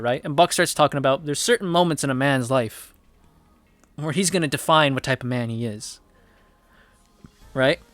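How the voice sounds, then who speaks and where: A young man casually reviewing a TV episode, rambling excitedly with constant swearing and fillers. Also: on the high side, no room sound.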